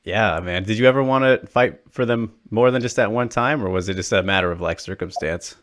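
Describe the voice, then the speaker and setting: A man interviewing a fighter, easygoing, with short agreeing replies and relaxed questions. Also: lowish voice, fairly quick, no echo. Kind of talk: casual interview chat.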